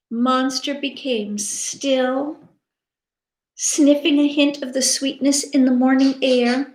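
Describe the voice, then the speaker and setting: A woman reads a children's picture book aloud at an unhurried pace, her high voice swooping with expression. She gasps and invites her listeners to join in. The recording sounds echoey and roomy. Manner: animated, interactive, dramatic gasps. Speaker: teacher reading aloud. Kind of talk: children's story read-aloud. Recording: echoey room.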